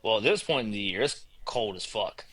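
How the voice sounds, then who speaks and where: A young man casually telling a road-trip story on a podcast, animated and swearing, acting out quotes. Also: fairly low pitch, a little fast.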